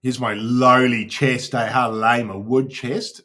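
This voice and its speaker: A man's voice: medium pitch, fairly even intonation, normal speed, hardly any pauses, fairly bright tone. A man hosting a casual crypto livestream, swearing freely and talking to his chat as he browses.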